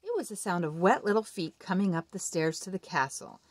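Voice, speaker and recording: A woman reading a children's picture book aloud in an expressive read-aloud delivery. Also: lowish voice, brisk, dry recording. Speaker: storybook reader.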